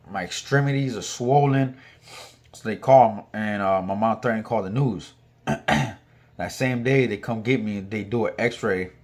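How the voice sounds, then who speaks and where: Slangy man telling a story. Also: lowish voice. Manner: slangy, animated when retelling arguments. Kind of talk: casual storytelling.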